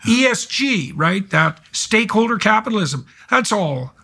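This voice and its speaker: A man's voice: sits high, very animated, measured pace, vocal fry, sharp tone. A man hosting a podcast, talking in an emphatic, heated way in long run-on sentences. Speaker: podcast host. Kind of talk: casual conversational podcast talk.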